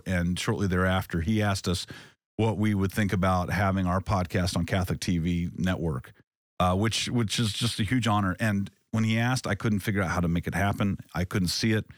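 A very deep-voiced man hosting a casual faith podcast. He talks earnestly and reflectively and often circles back to restart a thought. The sound is dry and close, with no room around it. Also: steady tone, fairly quick, no room sound. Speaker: podcast host.

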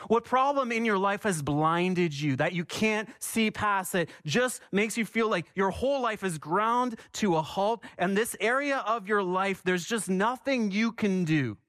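A man's voice: sits high, animated, measured pace, few pauses, a bit bright, no echo, studio quality. A man preaching a sermon with passion, repeating phrases for emphasis and asking the congregation questions. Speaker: pastor.

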